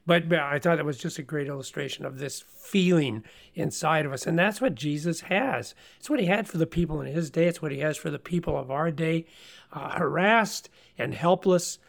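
A middle-aged man leads a relaxed Bible discussion in an earnest, folksy way. His fairly high voice has a gravelly, crackly edge, and he often stumbles over repeated words before a point lands. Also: normal speed. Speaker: Bible study host.

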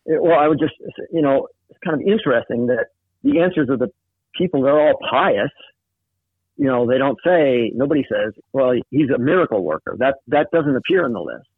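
A man's voice: medium pitch, moderate pace, husky, dry recording. A man in a casual Bible study discussion, explaining a passage thoughtfully with frequent fillers. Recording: tinny phone-like line.

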